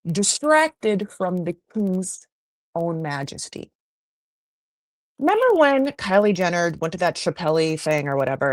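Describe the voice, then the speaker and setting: Woman, podcast host, casual recap, filler-heavy chatter, low-ish pitch, dry sound. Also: a little mellow, no echo.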